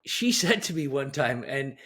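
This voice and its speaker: A man's voice: medium pitch, unhurried, husky. Middle-aged male guest, executive coach, emphatic storyteller with frequent restarts. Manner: emphatic, animated anecdotes with many restarts. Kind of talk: conversational storytelling.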